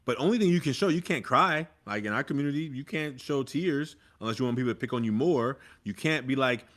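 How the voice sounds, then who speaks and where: A man's voice: mid-range voice, animated, brisk, fairly bright tone. A man who mentors young people and was once a vice principal, telling a story in an earnest, vivid way during a conversation. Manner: earnest storyteller, acts out scenes.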